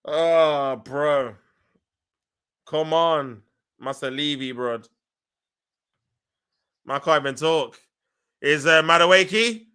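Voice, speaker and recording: A man giving excitable, emotional live commentary on a football match, groaning and shouting at the action in slangy talk. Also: a little high, very slow, long pauses, clean tone. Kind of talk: excitable fan watch-along commentary.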